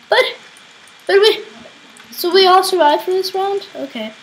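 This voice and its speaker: A woman hosting a game channel, giving casual let's-play commentary, excitable and yelling at opponents. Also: extremely high pitch, unhurried, pauses often, slight background noise, poor audio. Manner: excitable, squealing and shouting at opponents. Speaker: gaming channel host.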